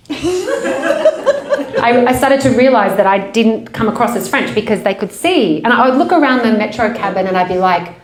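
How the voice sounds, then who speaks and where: Australian woman, author, casual chat, lively, laughs a lot, echoey room. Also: a little high, moderate pace. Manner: animated, laughing often, restarts. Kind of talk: conversational bookshop talk. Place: bookshop event room.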